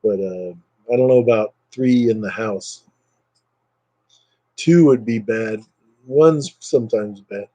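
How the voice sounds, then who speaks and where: A man's voice: fairly low pitch, slow, long pauses, dark tone, muffled recording. A man chatting casually on a live stream, rambling with lots of fillers and thanking viewers by name.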